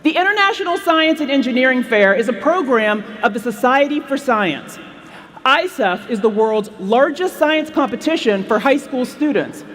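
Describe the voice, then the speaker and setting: High, lively woman hosting a ceremony. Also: normal speed, long reverb tail. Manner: builds hype, calling out country names with rising excitement. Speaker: ceremony host. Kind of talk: scripted event announcing.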